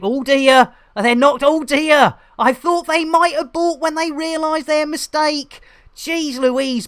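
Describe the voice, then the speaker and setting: A woman's voice: fairly high pitch, no echo. A woman doing live game-stream commentary in playful, punning patter, laughing often and addressing viewers like a showman. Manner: showman-like addresses to "ladies and gentlemen".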